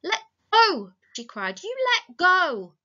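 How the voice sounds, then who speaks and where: A woman's voice: mid-range voice, little pitch movement, normal speed, bright, forceful tone, close to an everyday voice. A woman reading as a scolding, alarmed young woman. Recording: dull lo-fi recording.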